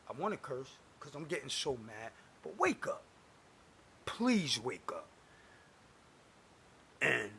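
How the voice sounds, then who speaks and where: A man with a husky, high-pitched voice rants at the camera like a street preacher. His pitch leaps and dives wildly as he swings from booming declarations to low mutters. He curses freely and sounds heated throughout. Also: a bit bright. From United States. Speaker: self-styled prophet posting online videos. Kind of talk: angry religious rant to camera.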